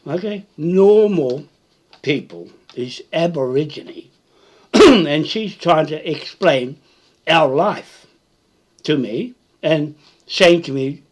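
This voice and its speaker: Slow, husky New man ranting. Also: fairly high pitch, expressive. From New Zealand. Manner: repetitive, confrontational, tag questions like "Hmm?". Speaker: live video speaker. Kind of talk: rambling live-stream monologue.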